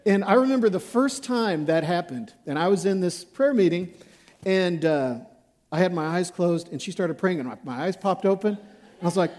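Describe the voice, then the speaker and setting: A man's voice: high-pitched, a little mellow. A male pastor preaching a sermon in a conversational, self-deprecating way, acting out examples as he goes.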